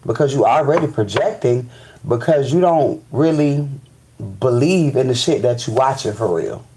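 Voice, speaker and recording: A man's voice: mid-range voice, lively intonation, normal speed, dark tone, a little hiss or hum, rough recording. A man hosting a spiritual live stream, ranting in casual, profane speech and repeating "you know what I'm saying.". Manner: restarts and stammers when fired up.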